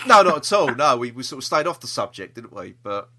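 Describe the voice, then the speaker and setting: A man's voice: mid-range voice, sing-song, a little fast, sharp tone. A man co-hosting a podcast, talking in a chatty, jokey, rambling way. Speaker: podcast co-host. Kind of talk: casual chat.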